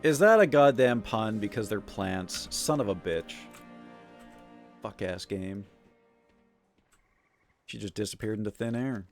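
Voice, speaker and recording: A man's voice: fairly low pitch, lively intonation, a little slow, pauses often, soft background music. A man chatting casually on a live stream, rambling and swearing as he rants. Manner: rambling, profane and ranting.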